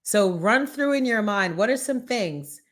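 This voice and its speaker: A woman hosting a live morning show, giving a preachy, animated motivational talk full of acted-out quotes. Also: mid-range voice, a little slow.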